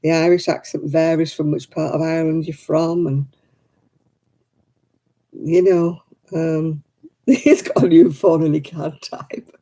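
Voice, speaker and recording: A woman's voice: sits low, steady tone, unhurried, pauses often, mellow. A woman hosting a casual livestream chat, talking to viewers by name and laughing often. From England. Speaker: livestream host.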